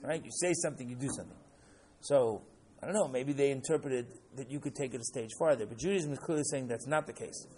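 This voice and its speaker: A man teaching a class, lecturing in an animated way and often checking in with "right?" while acting out examples. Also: mid-range voice, quick pace, a little hiss or hum. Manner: animated, keeps asking "right?"; acts out examples with rising excitement.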